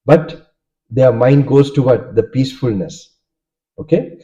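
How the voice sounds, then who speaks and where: This Dharma talk comes from a Sri Lankan Buddhist monk, a native Sinhala speaker, whose medium-pitched voice is warm and unhurried. He frequently asks his audience questions and checks in by saying "okay?". The recording sounds dull and lo-fi.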